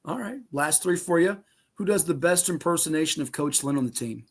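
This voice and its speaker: A man hosting a sports podcast, asking quick questions in an upbeat, easygoing manner. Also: on the high side, expressive, slightly rough. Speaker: podcast host.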